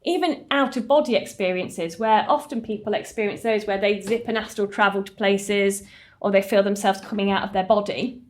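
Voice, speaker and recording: A woman, a therapist telling stories in a recorded talk to a group. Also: moderate pace. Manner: earnest storytelling, slightly higher pitch.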